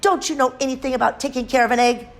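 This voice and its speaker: A woman's voice: sits high, fairly even intonation, fast, voice pushed up. A woman doing a bossy, huffy storybook duck. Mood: scolding. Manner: huffy, scolding. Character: bossy fussy male duck. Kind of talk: storybook read-aloud.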